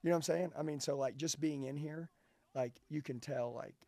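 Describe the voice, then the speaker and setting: A man's voice: on the high side, a little fast, dark tone, no echo. A man giving intense, blunt and profane motivational talk as a guest in an interview. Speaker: sales trainer, guest.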